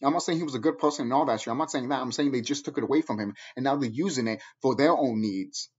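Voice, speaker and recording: A man's voice: mid-range voice, fast, a little mellow, slightly rough. A man ranting at viewers in a profane, angry, preachy monologue, heard on a dull lo-fi recording. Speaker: vlogger.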